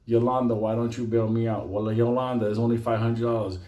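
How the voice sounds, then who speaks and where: A man's voice: mid-range voice, level tone, fairly quick, warm tone, reverberant, close to an everyday voice. A man voicing a desperate male inmate begging on the phone in a whiny, pleading way.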